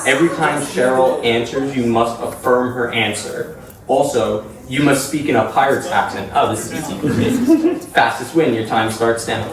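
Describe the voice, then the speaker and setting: A man reading the rules of a chore aloud on a live comedy game show, loudly and playfully. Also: mid-range voice, animated, normal speed, recorded from a distance. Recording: echoey studio, from afar, crowd noise.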